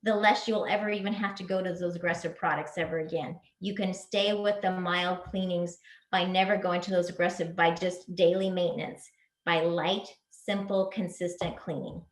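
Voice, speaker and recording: A woman's voice: lowish voice, steady tone, moderate pace. A woman casually presenting a cleaning workshop, practical and chatty, with fillers and restarts. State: throat choked up, clearing throat. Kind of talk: casual instructional talk. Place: community room. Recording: echoey room.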